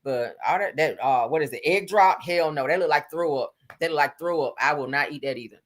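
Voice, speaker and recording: A woman's voice: low-pitched, a little fast. A middle-aged woman with hosting a live stream, chatting casually and saltily with her viewers and laughing often. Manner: chatty, salty, laughs often, talks to chat. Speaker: livestream host.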